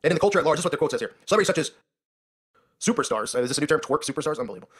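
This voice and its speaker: A man with a husky, somewhat raised voice rants through his own commentary show. He talks at a breakneck pace, indignant and sarcastic, tossing in "right?" again and again. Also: a little high, expressive, very fast, a bit bright. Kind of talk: ranting commentary.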